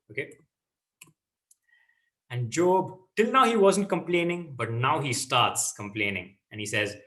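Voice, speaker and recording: A man's voice: a little high, fairly bright tone. A man teaching a casual Bible lesson to teens, checking in often with "okay?" and "right?".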